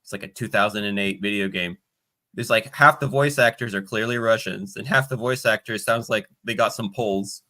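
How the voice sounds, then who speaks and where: Stream host, male, bright lower voice, chatty and joking. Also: a little fast. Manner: chatty, joking, wry asides. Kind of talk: casual chat. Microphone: video call.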